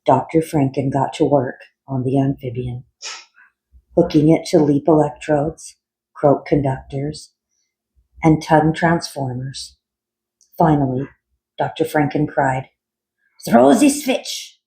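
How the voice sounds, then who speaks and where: A man reading a children's picture book aloud in a measured, expressive way. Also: medium pitch, rough recording. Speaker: storyteller.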